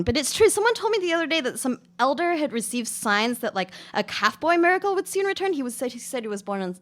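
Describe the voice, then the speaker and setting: A woman's voice: high-pitched, big pitch swings, fast, hardly any pauses. A woman reading her experimental prose aloud to a live audience in a casual, filler-heavy way, with lots of "like" and "um". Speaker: author giving a public reading.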